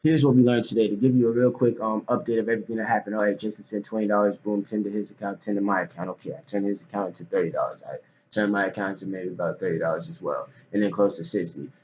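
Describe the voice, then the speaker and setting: A man, vlogging a loose, candid monologue that swings from quiet mumbling to loud animated outbursts. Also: fairly low pitch, quick pace, highs cut off, slight background noise. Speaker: vlogger recapping a trading day. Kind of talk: rambling monologue to camera.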